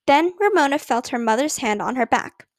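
High-voiced woman reading a story aloud. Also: expressive, normal speed, no room sound, studio quality. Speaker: narrator. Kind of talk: scripted narration.

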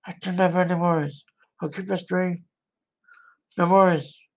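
A man's voice: sits high, fairly even intonation, a little slow. A man in an amateur solo role-play as a soldier, talking in loose, rambling, earnest phrases.

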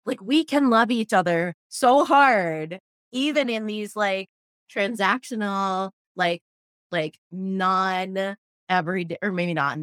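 A woman chatting casually as a podcast host, animated and swearing freely, with lots of "like" fillers. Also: medium pitch, takes it slowly, clear, resonant tone, no echo, clean studio sound. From Los Angeles area. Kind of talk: casual chat.

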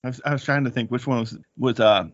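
A man's voice: mid-range voice, steady tone, fast talker, no room sound. A male podcast co-host chatting casually, wandering through tangents and cracking jokes with easy laughter. His voice sits mid-range and sounds dry and close. The recording is a little dull and lo-fi.

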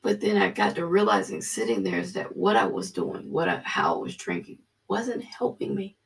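A Bible study leader reading scripture and telling a personal testimony, earnest and halting, dropping to a hushed voice. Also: medium pitch, wildly swooping pitch, creaky, far from the mic.

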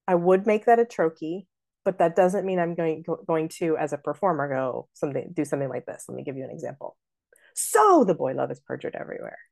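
A woman's voice: deep voice, dark tone. A woman hosting a podcast, teaching how to scan and stress lines of verse and walking through examples step by step. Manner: explains stress patterns, talks through examples. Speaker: podcast host and theater director.

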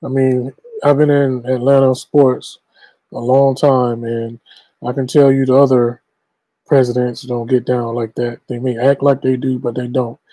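Sports co-host, mellow, dry, animated. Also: male voice, mid-range voice, unhurried, no room sound, rough recording. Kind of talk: casual sports talk.

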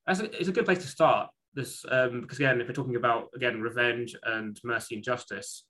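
Man, bright tense tone, casual chat co-host, rambling anecdote delivery with restarts. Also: medium pitch, brisk. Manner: rambling storytelling with many restarts and fillers. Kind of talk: casual conversation.

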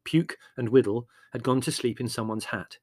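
A man reads scripted audiobook narration in a measured, expressive storytelling style. His voice is medium-pitched, and the recording is dry with clean studio sound.

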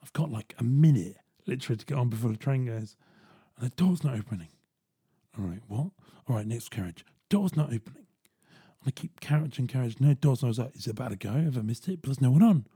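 A man hosting a podcast, telling a story in a chatty, animated way and jumping into quick voiced asides. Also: medium pitch, breathy edge, no room sound, clean studio sound. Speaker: podcast host. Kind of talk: casual storytelling monologue.

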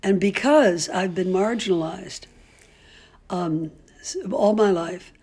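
A woman's voice: fairly low pitch, slow pace, a little mellow, husky. An older woman, a great-grandmother, speaking as an interviewee in a candid, outspoken way, telling stories with frequent ums and restarts. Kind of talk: casual storytelling.

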